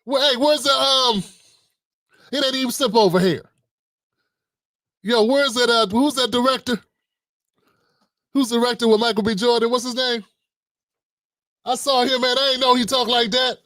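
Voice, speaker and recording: Animated, high-voiced middle-aged male host. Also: normal speed, pauses often, no room sound, clean studio sound. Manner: animated, slangy, joking. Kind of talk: livestream commentary.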